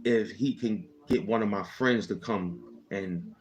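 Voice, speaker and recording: A channel host with a lowish voice tells a personal story in an unhurried, rambling way, full of street slang and frequent "you know what I'm saying." The audio quality is poor.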